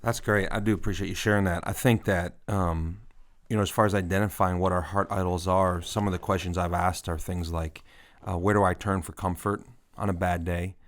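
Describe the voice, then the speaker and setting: Low-pitched and a little fast, with hardly any movement in pitch, this podcast co-host is a man in his thirties. During a casual ministry podcast chat, he tells a story and keeps laughing at himself.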